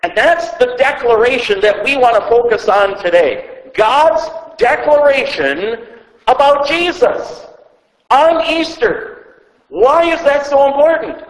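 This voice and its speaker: A man's voice: extremely high pitch, echoey room, long reverb tail, poor audio. A man preaching a sermon as pastor, speaking emphatically and asking the listeners rhetorical questions, sometimes repeating words as he goes. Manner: stumbles and repeats words when speaking off the cuff.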